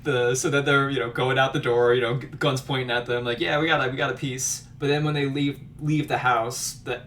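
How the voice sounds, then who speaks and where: A man's voice: mid-range voice, level tone, a little fast, fairly bright tone, far from the mic, a little hiss or hum. A man co-hosting a casual movie podcast, retelling scenes with playful quoted voices. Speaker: podcast co-host.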